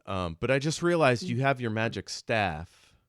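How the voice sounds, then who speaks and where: A man running a tabletop game as game master over a video call, relaxed and quick to laugh. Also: medium pitch, smooth, dry recording, clean studio sound.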